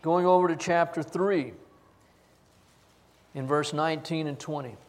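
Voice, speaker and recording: A man's voice: fairly high pitch, measured pace. A man preaching a sermon as pastor, earnestly reading scripture aloud and stressing single words. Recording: long hall reverb.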